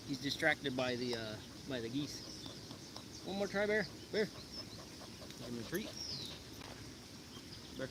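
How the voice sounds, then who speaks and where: This livestream host is outdoors in the shade by a pool, talking casually with viewers and switching to a lighter sing-song voice to coo at his dog. He's expressive in a mid-range voice at a moderate pace, with long pauses. The audio is very noisy, with faint outdoor sounds and geese behind him.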